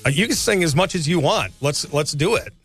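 A man's voice: fairly high pitch, lively intonation, fairly quick, a bit bright, soft background music. A man hosting an interview show, joking and encouraging his guests in casual chat. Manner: jokey, encouraging. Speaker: TV show host.

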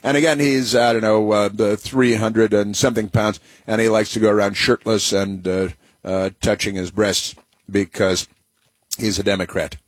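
A man's voice: on the low side, level tone, moderate pace, dry recording. A man hosting a talk radio show, rambling sarcastically with many fillers and restarts.

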